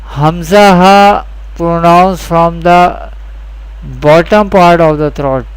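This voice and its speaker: A man teaching Quran reading rules in a slow, deliberate lesson, repeating each key point and speaking English with a South Asian accent. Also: fairly high pitch, fairly even intonation, clean tone, low-quality recording. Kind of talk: slow scripted lesson narration.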